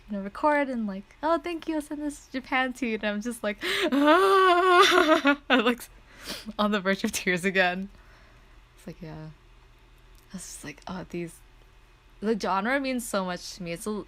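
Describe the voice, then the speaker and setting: A young adult woman streamer with a medium-pitched voice tells a story in a casual chat. She's excitable, laughs often, and uses "like" constantly.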